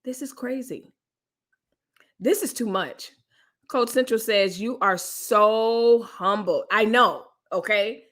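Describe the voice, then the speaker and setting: A middle-aged woman chatting casually on a live stream, animated and joking as she reads viewer comments. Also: fairly high pitch, takes it slowly.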